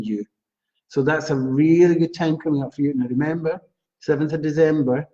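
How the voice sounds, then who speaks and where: Scottish male psychic host, chatty live stream, higher mellow voice, lo-fi sound. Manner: chatty, animated, addresses viewers by name. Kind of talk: live-stream readings chat. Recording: dull lo-fi livestream audio.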